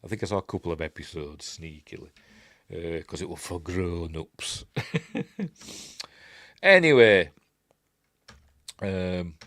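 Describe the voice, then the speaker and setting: A man's voice: low voice, expressive, slow, pauses often, fairly bright tone, dry recording, clean studio sound. A Yorkshire man in his fifties giving a rambling, chatty running commentary as he reviews a film, with frequent asides and self-corrections.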